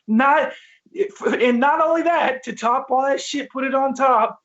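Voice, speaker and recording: Furious high-voiced profane ranting man. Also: measured pace, fairly bright tone. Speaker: sports talk show host. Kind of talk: heated sports rant. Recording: dull lo-fi sound.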